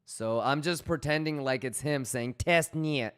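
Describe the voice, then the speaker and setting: Hosting a live stream, this man has a medium-pitched, slightly bright voice that is clear and resonant, and he speaks at a moderate pace. His casual chat is loose, profane banter as he reads messages aloud and hypes up viewers by calling their names.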